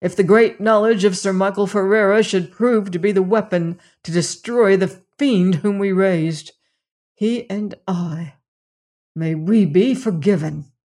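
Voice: medium pitch, measured pace, darkish tone, lightly acted. A narrator voicing an older male doctor, grave and urgent, speaking in terse exclamations in an audiobook. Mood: prayerful. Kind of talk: audiobook character reading.

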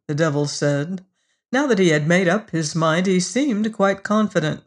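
A host reading a vintage supernatural tale aloud in a measured, deliberate storytelling manner. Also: mid-range voice. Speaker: podcast host and narrator. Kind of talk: scripted audiobook narration of vintage supernatural fiction.

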